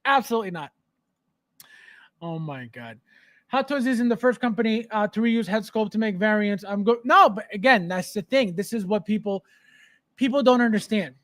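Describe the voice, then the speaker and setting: Hosting a casual livestream, a man with a high, animated, slightly bright voice talks at a normal speed. He reads chat out loud, laughs frequently, and goes on blunt, emphatic rants about his hobby.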